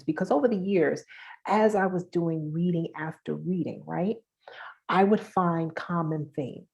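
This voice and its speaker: A woman's voice: deep voice, warm tone. A woman with a Brooklyn accent, a guest spiritual worker, chatting casually and laughing easily on a video call. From New York.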